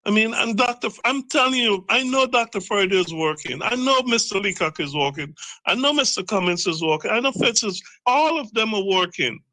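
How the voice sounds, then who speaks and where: Man calling a radio show, bright high voice, keeps repeating himself. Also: expressive, brisk, dry recording, poor audio. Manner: emphatic, repeats himself, ranting. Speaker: radio caller. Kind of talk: casual call-in chat.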